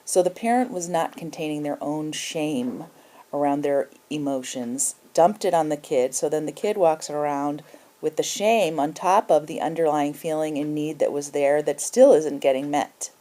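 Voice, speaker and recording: A middle-aged woman with a low voice gives a self-help lesson. Her tone is mellow and she explains things step by step, now and then acting out example lines. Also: moderate pace. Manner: explanatory, acts out example dialogue. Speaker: emotional health teacher.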